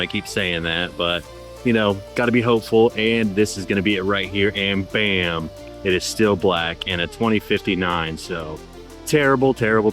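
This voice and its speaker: A man with a fairly low voice gives casual play-by-play on his own game channel. He sounds upbeat and chatty as he reacts to each result, and soft music plays faintly underneath. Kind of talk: casual gameplay commentary.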